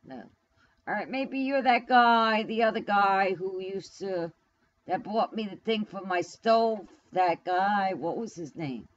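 A woman's voice: mid-range voice, expressive, slow, lo-fi sound. A woman live streaming from home in New York, rambling casually to her viewers, blunt and profane as she talks back to the chat. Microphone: camera mic.

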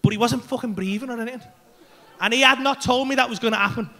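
A man with a very high, gravelly voice does stand-up, telling a rambling, swear-filled story. He acts out his own panic loudly. He is recorded live in a club. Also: fast talker. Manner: excitable, swearing, acting out panic. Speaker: stand-up comedian. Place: comedy club stage. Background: audience laughter.

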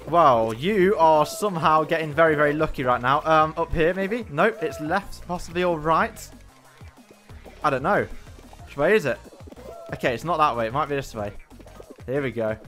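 A man giving excitable, self-mocking running commentary on his own gameplay as a gaming YouTuber. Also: on the high side.

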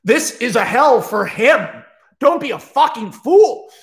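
A man's voice: extremely high pitch, sing-song, unhurried, reverberant, pitched above the performer's own voice, heavily acted. A man voicing a weary, sardonic male horror slasher villain who scolds his companions curtly, in a near-everyday voice. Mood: scolding. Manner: curt and scolding.

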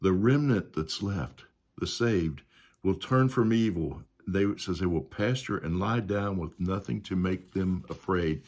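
A man's voice: low voice, unhurried, darkish tone. A man teaching a Sunday school Bible lesson in a conversational way, often adding "you know" and asking the class questions.

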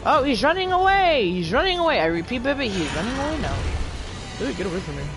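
An excitable man chatters through a video game session, his pitch leaping between soft murmurs and sudden yelps. He hums little tunes and calls out to a child beside him. Game music plays clearly underneath. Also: fast talker. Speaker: gamer playing with a child. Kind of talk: playful gameplay chatter. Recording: game music playing behind.

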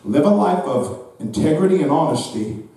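Man, pastor, high voice, fervent shouted sermon, echoey church, distant mic. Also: expressive, normal speed. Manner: fervent preaching that swings into shouted, sing-song peaks. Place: church sanctuary. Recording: echoey hall from far off.

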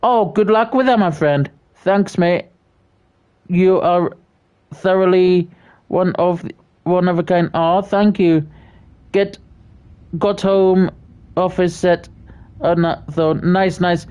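Slow-talking, stammering streamer. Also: medium pitch, fairly even intonation, clear, resonant tone, highs cut off. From Britain. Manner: stammering restarts, repeats words, friendly shout-outs. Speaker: livestream host. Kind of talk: casual chat reading out viewer messages.

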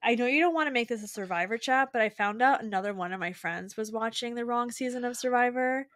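A woman's voice: a little high, quick pace, a bit bright, dry recording, clean studio sound. A woman co-hosting a podcast, chatty and storytelling in tone. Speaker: podcast co-host. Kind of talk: casual political podcast chat.

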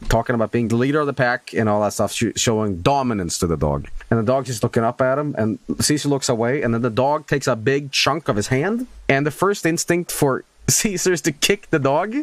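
A man's voice: mid-range voice, lively intonation, fairly quick, hardly any pauses, no room sound. A man streaming a video game, chatting casually with jokes and swearing. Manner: joking, rambling, swearing.

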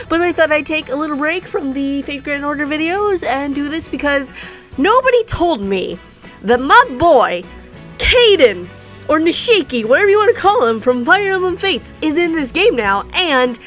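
Giggly, excitable young woman, higher voice. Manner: excitable, giggly, pleads with the game. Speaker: YouTuber. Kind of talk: gacha summoning commentary.

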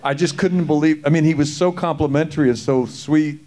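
A man telling lively stories at a convention panel, quick to act out other people's voices and to laugh. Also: on the high side, a faint crowd. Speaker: actor panelist.

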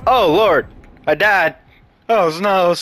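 Casting: a swearing, self-mocking gamer with a lively, fairly high voice, loud gunfire under his commentary. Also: takes it slowly, noisy background. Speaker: gaming video host. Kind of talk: let's play commentary.

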